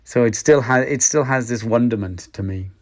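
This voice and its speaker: A middle-aged Welsh man, an actor, giving reflective interview answers with many restarts. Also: medium pitch. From Wales. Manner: halting, many restarts, soft laughs.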